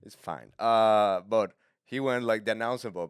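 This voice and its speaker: A man, hosting a casual comedy podcast and telling stories with lively acted-out quotes. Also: lowish voice, normal speed, clear, resonant tone, no echo, studio quality. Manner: animated storyteller, acts out quotes. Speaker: podcast host.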